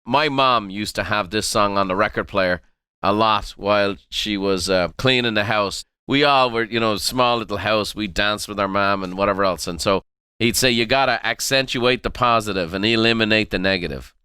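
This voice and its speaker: A man's voice: fairly low pitch, moderate pace, bright, forceful tone, clean tone, dry recording, studio quality. Emphatic man coaching listeners. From Ireland. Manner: emphatic, repeats key phrases, coaching tone. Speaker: podcast host and motivational speaker. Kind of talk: motivational monologue.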